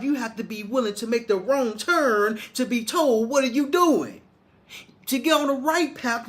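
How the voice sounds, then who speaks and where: A man's voice: very high-pitched, fairly bright tone. Repetitive motivational man. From Arkansas, US. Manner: repetitive, preachy, many restarts. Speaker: motivational speaker. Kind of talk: motivational monologue.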